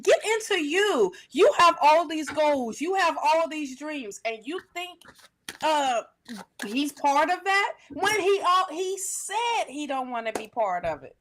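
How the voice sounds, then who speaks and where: Lively, sassy high-voiced woman. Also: unhurried, a little hiss or hum. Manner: sassy, emphatic advice with slang. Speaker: tarot reader co-host. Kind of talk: casual live-stream chat.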